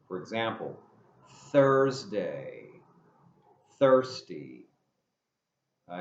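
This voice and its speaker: A man gives a pronunciation lesson at an unhurried, measured pace, modeling each sound with care and drilling short phrases over and over. His voice sits in a middle register. The recording is roomy and a little dull. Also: lowish voice. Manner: slow, deliberate modeling of sounds, spelling words out and repeating drill phrases. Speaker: English pronunciation teacher.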